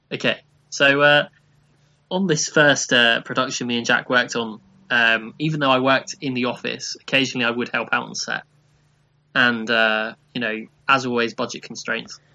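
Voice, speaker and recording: Bright-voiced man in his twenties, easygoing story with fillers. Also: medium pitch, normal speed. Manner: relaxed anecdotal telling with fillers. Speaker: guest. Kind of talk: casual chat.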